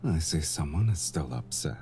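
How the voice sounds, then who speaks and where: A man voicing a suave, affectionate adult man in a romance game, with a low, slow, intimate delivery. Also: animated, mellow, a little hiss or hum. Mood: teasing. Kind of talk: dubbed game dialogue.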